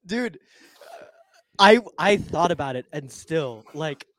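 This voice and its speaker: A man's voice: a little high, expressive, slow pace, no room sound. A man co-hosting a casual podcast chat, playful and rambling, laughing often. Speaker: podcast co-host.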